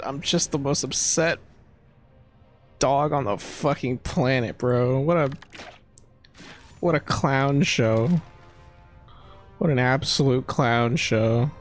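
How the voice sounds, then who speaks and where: A man's voice: mid-range voice, extremely slow, pauses often. Exasperated gamer man, swearing and joking. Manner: frustrated, joking, swears and laughs at himself. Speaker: gaming streamer. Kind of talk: casual let's play commentary. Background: faint game music.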